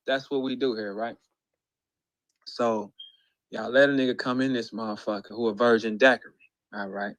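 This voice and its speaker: A battle rap commentator launches into a heated, profane rant, sounding incredulous and mocking and shouting out quoted lines. His mid-range voice moves at normal speed, captured close and dry with no echo.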